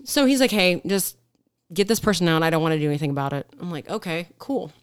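A woman police officer telling stories in casual podcast chat, animated, acting out quotes and swearing freely. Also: lowish voice, quick pace, clean tone, no room sound, studio quality.

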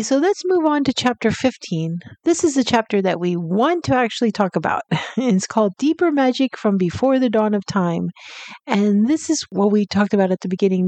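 A woman of medium pitch reads passages from a book aloud, then pauses to reflect on them in easy conversation. The sound is dry and close, with no room echo. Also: a little mellow. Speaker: co-host reading aloud. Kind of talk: casual discussion and book reading.

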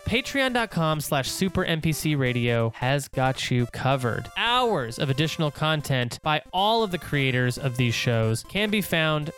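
A man hosts a comedy podcast with a slightly high, very lively voice. He talks in a playful, mock-dramatic way, with jokes throughout. Faint music sits behind him. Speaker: podcast host. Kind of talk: comedy podcast banter and ad read.

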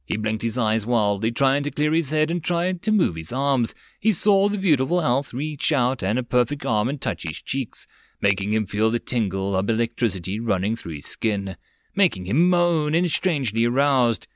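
A man's voice: mid-range voice, animated, normal speed, no echo. Man narrating an audiobook, dry sound. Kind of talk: web novel audiobook reading.

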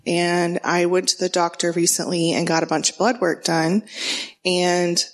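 A woman's voice: lowish voice, little pitch movement, a little slow. A young woman, a church group member speaking earnestly and a little hesitantly.

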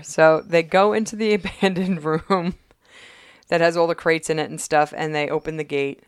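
A woman co-hosting a podcast, recapping an episode in casual chat with wry, quick asides. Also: fairly low pitch, clear, resonant tone, dry recording, studio quality. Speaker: podcast co-host.

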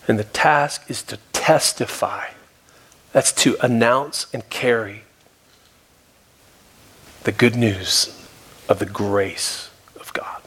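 A male pastor preaching a sermon, telling a story and dropping at times to a soft, hushed voice for emphasis. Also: medium pitch, slow pace, long pauses, breathy edge. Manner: storytelling, shifts between soft hushed tones and raised emphasis. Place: church.

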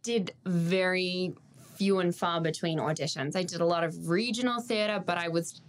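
A woman's voice: on the low side, normal speed, slight background noise. A young Australian woman whose accent drifts toward American, chatting as a guest and telling stories with frequent laughs. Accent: Australian, partly Americanized. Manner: chatty storyteller, laughs often. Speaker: guest, stage performer. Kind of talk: casual interview chat.

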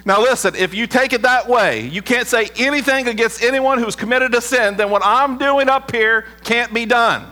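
A man preaching a sermon as pastor, earnest, often dropping low and quiet for emphasis. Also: moderate pace, hardly any pauses. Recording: long hall reverb with mains hum.

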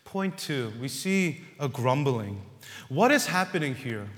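A man preaching a sermon as pastor, earnest and repetitive, building to loud emphasis on key words. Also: mid-range voice, big pitch swings, a little slow, long reverb tail.

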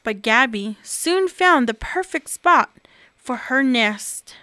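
A woman with a high, bright voice reads a children's picture book aloud, unhurried and expressive. The sound is close and dry, with no room echo. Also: smooth. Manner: expressive, animated reading. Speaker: storyteller.

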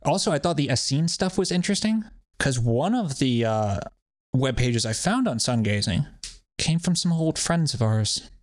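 A man's voice: medium pitch, expressive, normal speed, no room sound. A man co-hosting a podcast, talking in a casual, rambling, sardonic way and swearing freely. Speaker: podcast co-host.

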